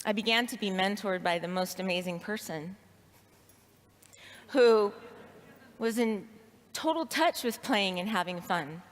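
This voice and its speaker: A woman's voice: medium pitch, a little slow, pauses often. A woman giving a personal story speech to an audience, expressively acting out her inner voice. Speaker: speaker at a leadership training event. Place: large hall with audience. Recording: reverberant hall sound.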